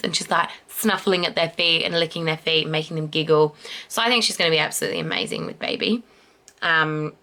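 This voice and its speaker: A woman's voice: deep voice, a little fast, pushed and bright. A young woman vlogging casually at home, chatty and affectionate, cooing at her dogs as she talks to the camera. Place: home, indoors. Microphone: camera resting on the bed.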